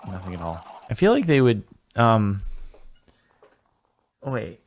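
A man's voice: fairly low pitch, very animated, slow pace. A man streaming a game in casual chat, laid-back and dry, laughing easily.

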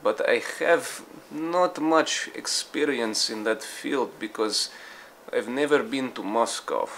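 A man putting on a boastful Russian man with a Russian accent, speaking quietly and deliberately. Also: mid-range voice, a little hiss or hum.

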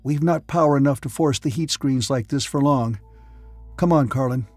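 A male narrator voicing an anxious crewman who speaks hoarsely and urgently. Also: mid-range voice, moderate pace, darkish tone, dry recording, faint music behind, close to an everyday voice.

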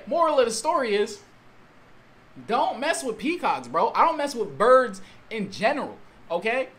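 A man telling a story-time tale in a vlog, excitable and slangy, with exaggerated storytelling and sudden outbursts. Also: sits high, slight background noise. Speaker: YouTube storyteller.

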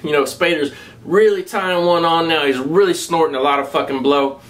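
A man with a Southern US accent and a somewhat high-pitched voice retells a film plot in loose, casual spoken review style. He talks in a rambling, laid-back way, packing his sentences with profanity. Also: steady tone, moderate pace. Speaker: movie reviewer.

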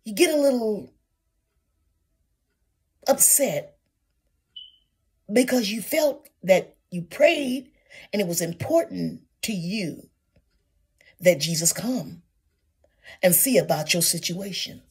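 Slow, breathy woman preaching a sermon. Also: mid-range voice, lively intonation, a little mellow. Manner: addresses listeners as saints, rhetorical questions.

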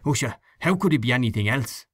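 A man's voice: medium pitch, animated, fast, fairly bright tone, slightly rough, no echo, studio quality. A man reading an audiobook, voicing a grumbling, gossipy male election canvasser with a scornful manner. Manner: scornful, complaining.

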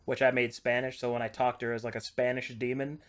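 Male game master for a tabletop session, mid-pitched, patient rules explainer with easy laughs. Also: flat delivery, fast talker.

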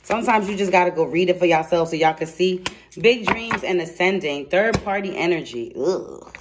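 A woman giving a casual tarot reading to camera, excitable and chatty, blunt and slangy, speaking straight to her viewers. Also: fairly low pitch, normal speed, noisy background. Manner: excitable and chatty, laughs and exclaims. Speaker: tarot card reader.

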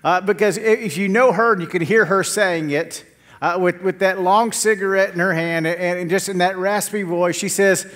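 Middle-aged man, pastor preaching from the pulpit; voice sits a bit high, anecdotal delivery with humor. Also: moderate pace. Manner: animated storytelling with jokes and quotes; drops to a low, quiet tone in prayer. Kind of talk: sermon.

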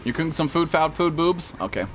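Young man, live game streamer, excitable, cursing, yelping at enemies, lively jumpy pitch, faint game music behind. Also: fairly quick. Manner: excitable, profane, yelps and shouts at enemies. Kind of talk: live gaming commentary.

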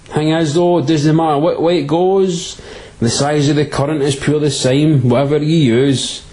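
Man slangy Glaswegian physics tutor, dark voice. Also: on the high side, fairly even intonation, normal speed. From Glasgow, Scotland. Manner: crude, jokey street slang. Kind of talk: comic slangy physics lesson.

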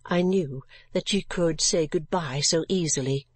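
Female audiobook narrator, breathy, dry studio sound, gentle measured reading. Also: sits low, dry recording.

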